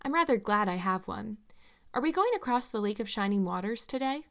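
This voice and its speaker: A woman's voice: mid-range voice, lively intonation, fairly quick, close to an everyday voice. A woman voicing an eleven-year-old orphan girl who talks eagerly and dreamily in a storybook reading.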